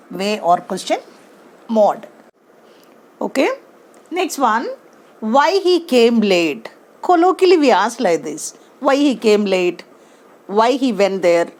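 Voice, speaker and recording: A woman's voice: medium pitch, darkish tone. A woman teaching grammar to her class, speaking, stressing words and asking the class questions. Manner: slow, emphatic, asks the class questions. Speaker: English teacher.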